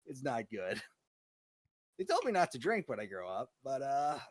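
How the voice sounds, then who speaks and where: A young man chats casually and rambles through profane anecdotes, swinging from loud to mumbled. His voice sits at an ordinary pitch and is recorded dry and close. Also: measured pace, breathy edge, dry recording. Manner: profane, rambling, animated storytelling. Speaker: co-host. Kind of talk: casual chat.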